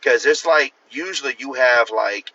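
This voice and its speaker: Male livestream host, casual and profane, rambling; bright, forceful tone, muffled phone audio. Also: medium pitch, measured pace, slightly rough, no echo. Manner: profane, rambling, talks straight to viewers; answers viewer comments. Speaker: author hosting a livestream.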